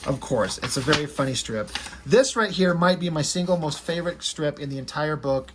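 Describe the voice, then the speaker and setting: A man's voice: a little high, animated, a little fast, background noise. A man giving a casual, rambling, enthusiastic commentary on comic strips. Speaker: comic reviewer.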